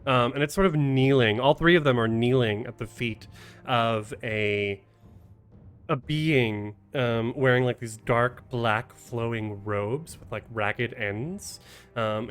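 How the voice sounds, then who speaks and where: A man's voice: medium pitch, smooth, faint music behind. A man narrating a tabletop game as game master, with many ums and restarts. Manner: halting, full of ums and restarts.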